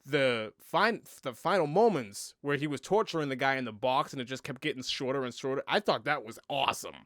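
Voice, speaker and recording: A man co-hosting a casual review podcast, talking haltingly with many fillers and trailing off. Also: medium pitch, expressive, a bit bright, no room sound, clean studio sound. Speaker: podcast co-host.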